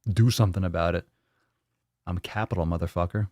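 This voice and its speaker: Lazy swaggering silent-letter dude played by a man in his own low voice, profane, dry sound. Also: steady tone, a little fast, darkish tone, no room sound, lightly acted. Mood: lazy, cocky. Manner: laid-back, swaggering, profane.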